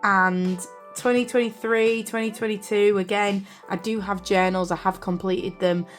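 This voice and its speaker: A young British woman chatting casually as she films a vlog about her journal, rambling with fillers and quick apologies, recorded on a camera on a desk stand. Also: medium pitch, fairly even intonation, faint music behind. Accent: British English. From United Kingdom. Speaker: journaling vlogger. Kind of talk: casual chat. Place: craft room indoors.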